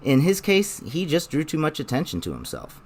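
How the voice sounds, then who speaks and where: Measured male video essay narrator. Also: a little high, huge pitch swings, darkish tone, breathy edge. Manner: measured, explanatory. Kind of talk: scripted narration.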